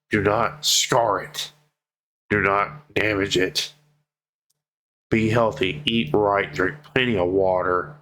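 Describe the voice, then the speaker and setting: A man speaking in an emotional personal vlog, tearful and heartfelt, swearing freely and pleading slowly with his viewers. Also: fairly low pitch, sharp tone, slight background noise, low-quality recording. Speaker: vlogger.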